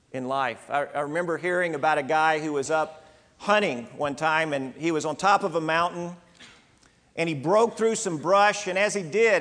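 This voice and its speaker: A man preaching a sermon, earnest and emphatic, in short phrases with pauses. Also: sits high, fairly bright tone, big-room sound.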